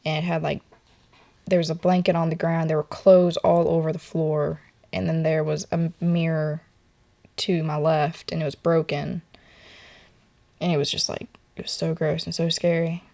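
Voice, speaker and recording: Young woman, low-ish voice, soft and halting, lots of filler words, personal story, artist's studio. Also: little pitch movement, vocal fry. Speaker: portrait model interviewee.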